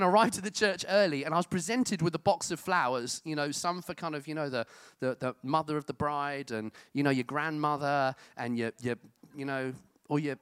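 A man's voice: high-pitched, no room sound. A middle-aged man, preaching a sermon in a conversational, self-deprecating way with many fillers. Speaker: pastor.

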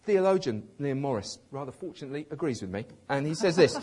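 A man preaching a sermon in a conversational, emphatic way, with a slightly husky voice, acting out quotes with light humour. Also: on the high side, expressive, brisk, hardly any pauses, a little mellow.

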